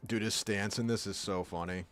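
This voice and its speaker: A man's voice: on the low side, steady tone, moderate pace, a bit bright, faint music behind. A man streaming and chatting casually, rambling through jokey asides. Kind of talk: casual chat.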